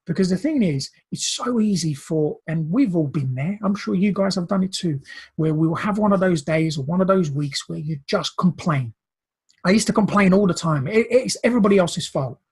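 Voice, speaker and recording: Brazilian-born man, earnest recovery coach, husky, slightly high voice, emotional storytelling. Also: lively intonation, normal speed. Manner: earnest, repeats words, voice wells up.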